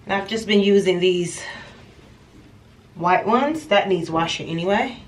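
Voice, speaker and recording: At home, a woman casually vlogs and talks straight to her viewers while showing off what she has bought. Her mid-range voice is animated and unhurried, heard from a distant camera in an echoey room with slight background noise.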